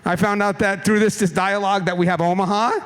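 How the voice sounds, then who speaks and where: A man with a high, light voice gives a keynote speech from a conference stage, speaking into a microphone. He tells a funny travel story in a loose, chatty manner, swearing now and then and chuckling along. The delivery feels like talking with friends rather than lecturing. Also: quick pace, clean tone. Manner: animated, casual storyteller who swears and laughs at his own story.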